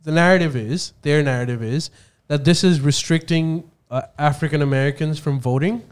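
A man explaining a political issue on a podcast, stopping and restarting with plenty of fillers as he works through his points. His voice sits a little on the high side. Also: moderate pace, clear, resonant tone. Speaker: podcast co-host.

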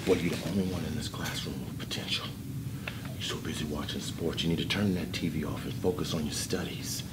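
A man playing a teacher in a comedy sketch, roasting his students in a loud, mocking way. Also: rumbling low, fairly even intonation, fairly quick, far from the mic. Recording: echoey room with background noise.

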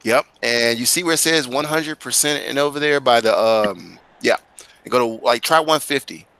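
Bright-voiced male teacher, firm and direct. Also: mid-range voice, normal speed. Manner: casual, direct, firm with students. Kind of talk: online class instruction. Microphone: video call.

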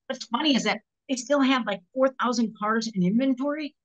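A woman, a sales trainer, talking as a guest in an interview, animated and telling stories with quick voices for the people in them. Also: high voice, poor audio. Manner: animated, acts out customers in character voices. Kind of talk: podcast interview storytelling.

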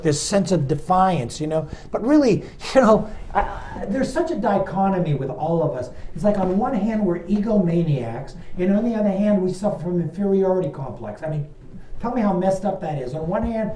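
Pastor guy teaching bible study, chatty and animated, slight background hiss. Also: sits high, fairly quick, poor audio. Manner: animated, talks straight to listeners and asks a helper to read verses.

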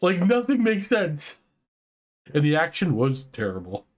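Man, excitable casual chat, fairly high voice, animated, stumbling restarts. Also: measured pace. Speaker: podcast co-host.

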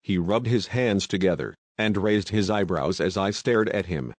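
Low-voiced male audiobook narrator. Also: normal speed, no echo. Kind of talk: audiobook reading.

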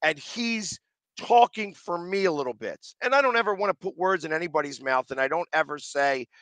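A man who makes sports-fan videos, talking in a casual interview with a loud, passionate manner and a slightly raspy, deepened voice. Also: lively intonation, no echo. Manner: loud, passionate, quick restarts.

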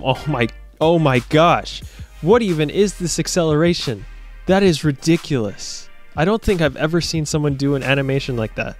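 A young man giving casual, jokey commentary over a football video game, talking straight to his viewers. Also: fairly high pitch. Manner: jokey, excitable, talks to viewers. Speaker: gaming YouTuber.

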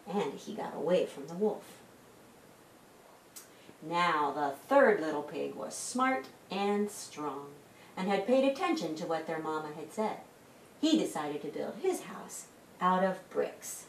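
A woman librarian reading a story to children in a lively sing-song way. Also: deep voice, unhurried. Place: library room. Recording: echoey room, mic at a distance.

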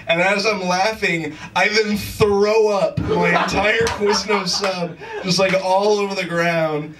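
A man's voice: high-pitched, a little slow, recorded from a distance, background noise. A man doing a stand-up comedy set on a club stage, rambling with lots of fillers and laughing at his own jokes. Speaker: stand-up comic.

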